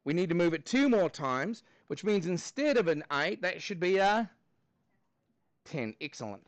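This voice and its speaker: High-voiced upbeat math teacher. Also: male voice, big pitch swings, moderate pace, no echo. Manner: upbeat, counts steps aloud, thinks aloud while working. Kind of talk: live class review lesson.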